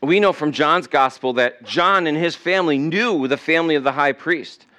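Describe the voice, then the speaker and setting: Speaking at an ordinary pace, a male pastor with a slightly high voice sounds pushed and bright. He preaches conversationally in a church sanctuary, at times acting out quoted figures.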